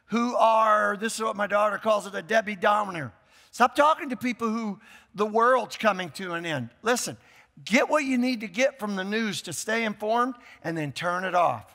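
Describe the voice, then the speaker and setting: An older man preaching a sermon as pastor, emphatic, repeating key phrases and breaking into shouts. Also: high voice, lively intonation, moderate pace, creaky, in a large hall. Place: church sanctuary.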